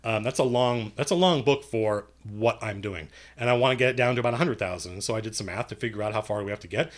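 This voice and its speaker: A man's voice: lowish voice, fast talker. A man who runs tabletop games, answering viewer questions in a casual livestream. He rambles, corrects himself and makes dry jokes. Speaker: game master and writer answering viewer questions.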